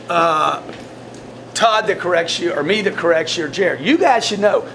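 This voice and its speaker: A man coaching his sales team in a blunt, forceful way, often repeating words. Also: sits high, lively intonation, normal speed, a little hiss or hum. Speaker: sales trainer.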